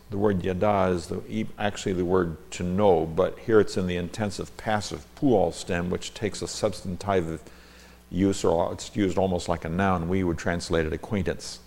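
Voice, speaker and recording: A man's voice: low voice, normal speed, creaky, darkish tone. A man teaching a Bible passage, reading scripture aloud with rising emphasis and explaining Hebrew terms.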